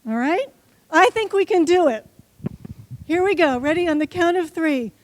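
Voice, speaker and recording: On a conference hall stage, a woman with a very high-pitched, expressive voice gives a short talk at a moderate pace, with slight background noise. She playfully coaxes the audience through an improv exercise.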